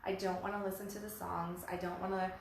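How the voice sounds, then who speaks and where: A woman in her forties chats in an animated, storytelling way and circles back on her own phrases. She sits in a room with strong echo. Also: medium pitch, fairly quick, creaky, slight background noise. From Texas. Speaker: podcast co-host. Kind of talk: casual chat. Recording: very echoey room.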